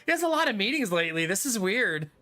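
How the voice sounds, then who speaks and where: While playing a card game, a man in his thirties chats casually with his live-stream viewers and laughs often. His high voice swings widely in pitch and sounds pushed and bright, and he talks fast over faint game music.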